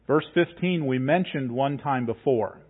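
A man's voice: medium pitch, unhurried. A man preaching a sermon to his congregation in a conversational, emphatic way, reading scripture aloud and pressing his points home. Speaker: pastor. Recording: tinny phone-like sound.

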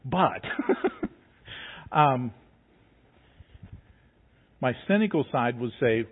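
A man preaching, his tone folksy and conversational as he jokes his way through personal stories. His voice sits at an ordinary middle pitch. The sound is narrow and tinny, like a phone line. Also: lively intonation, extremely slow, pauses often. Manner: folksy, joking, conversational storytelling. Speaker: pastor. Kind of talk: sermon with personal story.

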